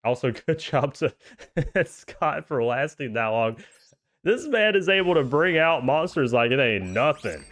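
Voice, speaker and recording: A man with a mid-range voice and an unhurried delivery commentates a card game tournament. He's casual and excitable, chuckling often as he cheers for the players.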